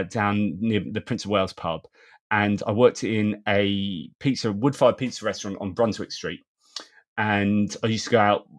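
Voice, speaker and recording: A middle-aged man hosting a live-stream news commentary in a chatty, rambling way, with many pauses and restarts. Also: fairly low pitch.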